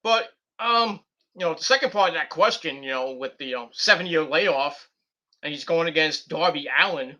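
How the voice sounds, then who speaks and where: A man with a high, bright and forceful voice talks on his own show in a loose, rambling way. He swears freely and keeps restarting his sentences, filling the gaps with ums. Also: normal speed. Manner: rambling, profane, with frequent restarts and filler. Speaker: wrestling podcast host. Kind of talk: casual rambling commentary.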